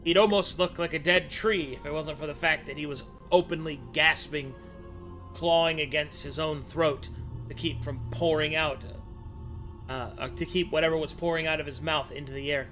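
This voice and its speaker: Bright-voiced man narrating as game master. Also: a little high, fairly even intonation, normal speed, soft background music. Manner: descriptive, with fillers and restarts.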